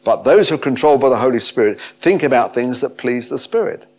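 A man's voice: mid-range voice, brisk. Emphatic male preacher. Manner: emphatic, rising to animated peaks. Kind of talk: sermon.

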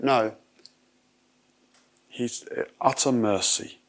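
A man's voice: on the low side, measured pace. A man giving a conversational sermon, acting out quoted voices as he retells a parable. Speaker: preacher.

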